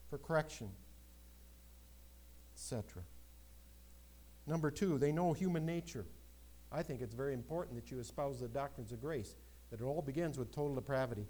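A man preaching a sermon, swinging between loud emphatic exclamations and quieter asides. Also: on the high side, rough recording. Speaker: pastor.

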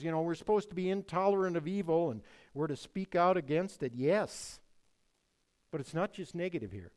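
Male preacher, slightly high and very animated delivery, emphatic sermon style with hushed-to-loud swings. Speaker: pastor.

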